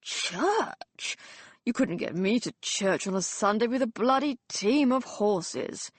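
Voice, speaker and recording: A woman voicing a drunken, mocking young Victorian gentleman who talks loudly and slurs his words. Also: fairly high pitch, expressive, takes it slowly, no echo, pitched above the performer's own voice. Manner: loud, slurring, teasing.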